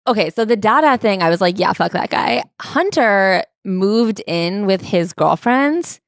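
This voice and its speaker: A woman co-hosts a casual book chat, summarizing the story in a brisk, wry way. Her voice has a middle pitch and is recorded close and dry. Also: expressive, no room sound. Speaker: podcast co-host.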